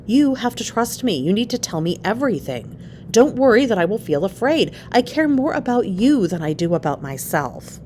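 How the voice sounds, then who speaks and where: A woman's voice: medium pitch, sing-song, moderate pace, a little mellow, slight background noise, pitched above the performer's own voice, lightly acted. A woman voicing a devoted young wife, anxious but resolute, speaking earnestly in a story read aloud. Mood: firm.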